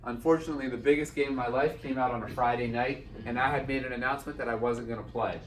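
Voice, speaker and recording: This man's mid-range voice moves fast as he narrates a personal story at an event, slipping into the voices of the people he quotes. The hall echoes, he sits away from the mic for a roomy sound, and there's slight background noise.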